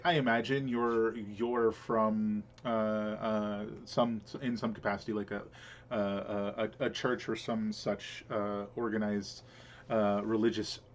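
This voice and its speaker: A man's voice: on the low side, dull audio, slight background noise. A man narrating as game master for a tabletop game, rambling with many fillers and restarts.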